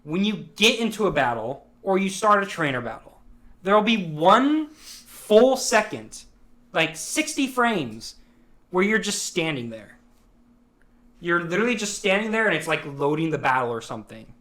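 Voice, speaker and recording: A man's voice: high-pitched, sing-song, normal speed, a bit bright. A man hosting a podcast in casual chat, steering the talk and griping openly about things he dislikes. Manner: leads the talk, gripes openly. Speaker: podcast host.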